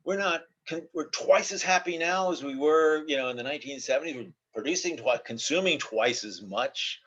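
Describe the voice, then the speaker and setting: A man's voice: a little high, animated, normal speed, a bit bright, slightly rough. A man speaking on a panel discussion, emphatic and repeating words as he goes. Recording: dull lo-fi call audio.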